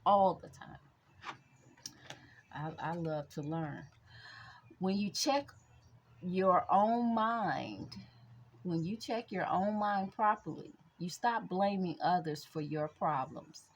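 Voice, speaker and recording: A woman in her fifties who is a spiritual reader chatting casually to her viewers, rambling and calling them "y'all," and who slows down when she reads affirmations. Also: fairly low pitch, highs cut off, a little hiss or hum. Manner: slow reflective affirmations. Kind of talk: casual spiritual chat vlog.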